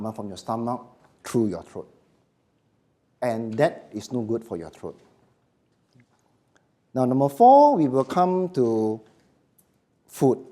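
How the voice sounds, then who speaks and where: A middle-aged man leads a live voice workshop. His warm, mellow voice rises and falls a lot. He speaks in short, emphatic phrases and keeps asking his audience questions. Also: medium pitch. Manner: emphatic, often asks "Okay?" and "Why?", short phrases. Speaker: voice coach giving a workshop. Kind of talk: live seminar lecture.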